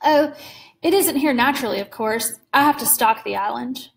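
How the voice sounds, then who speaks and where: A woman reading aloud and voicing a suave, menacing aristocratic male hunter who speaks with slow courtly calm. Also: fairly high pitch, gravelly.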